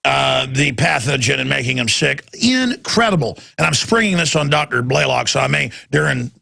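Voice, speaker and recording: Brief: male talk radio host, gravelly and forceful, rants with heat and repeats himself. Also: mid-range voice, expressive, normal speed. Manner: impassioned, ranting, repeats words.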